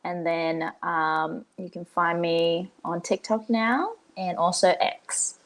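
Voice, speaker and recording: A woman's voice: lowish voice, fairly even intonation, slow, a bit bright. A woman from Australia, a wrestler guest on a podcast, answering hesitantly and laughing along. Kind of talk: casual interview chat.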